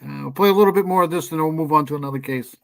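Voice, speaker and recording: A man's voice: a little high, very fast, vocal fry. A man casually hosting a livestream, reacting to clips and greeting his chat with loose fillers. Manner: laid-back, greets chat, trails off with fillers. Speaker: livestream host.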